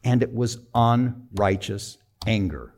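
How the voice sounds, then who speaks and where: A middle-aged man preaching a sermon, telling a personal story with emotion, moving from quiet to emphatic. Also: on the low side, lively intonation, slow pace. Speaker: pastor.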